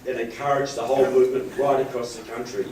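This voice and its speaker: A New Zealand man with a cold gives a joking, rallying political speech as guest speaker in a county board meeting room, often calling the crowd "folks." His medium-pitched, darkish voice is fast and flat in delivery, picked up by a distant mic in an echoey room.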